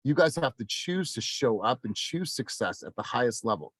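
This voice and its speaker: A man in his thirties coaching a sales team on a video call, passionate and blunt, swearing and rising to near-shouting. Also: medium pitch, big pitch swings, moderate pace, no echo. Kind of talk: motivational team meeting talk.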